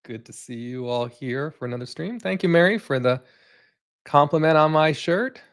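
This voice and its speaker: A man's voice: on the high side, expressive, moderate pace, fairly bright tone. A middle-aged man co-hosting a casual live stream, chatty and thanking viewers as he rambles through stories. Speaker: co-host of a pop culture live stream.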